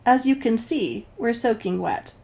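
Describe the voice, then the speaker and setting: A woman's voice: fairly high pitch, animated, measured pace, gravelly. A woman voicing a good-looking young man who reassures her kindly through a grin. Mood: amused. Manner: gentle, grinning reassurance.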